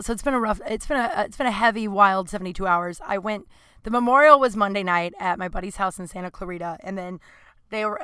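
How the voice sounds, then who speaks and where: A woman's voice: mid-range voice, fairly bright tone, no echo. A woman in her thirties hosting a podcast, talking candidly and rambling, swearing freely, with a sore throat. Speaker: podcast host. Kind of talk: casual chat. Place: Los Angeles.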